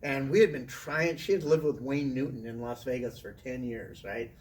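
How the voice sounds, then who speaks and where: Middle-aged man, chatty animated storyteller, recorded from a distance. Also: medium pitch, moderate pace. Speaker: interview guest, former teacher. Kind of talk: casual storytelling. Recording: distant mic with faint room noise.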